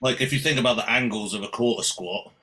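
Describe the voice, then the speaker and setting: A man's voice: mid-range voice, quick pace, sharp tone. A man bluntly explaining lifting science in a casual podcast chat. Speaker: podcast co-host.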